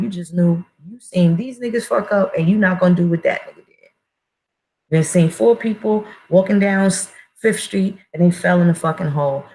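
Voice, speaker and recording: A woman's voice: lowish voice, darkish tone, rough recording. A woman giving a blunt, profane casual monologue as an online commentator, emphatic and full of restarts.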